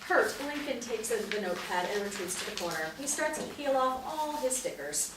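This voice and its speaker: A woman reads the stage directions of a TV pilot aloud in a steady, matter-of-fact way. She sounds far from the mic in an echoey room with faint noise behind. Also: a little high, fairly quick. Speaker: narrator. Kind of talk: reading stage directions at a table read. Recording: roomy, distant mic.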